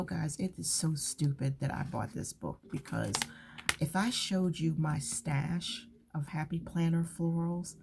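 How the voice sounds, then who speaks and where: A woman's voice: deep voice, a little slow, creaky, dark tone, a little hiss or hum. A woman chatting casually while journaling, rambling and often dropping to a whisper. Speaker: craft channel host. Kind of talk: relaxed journaling chat.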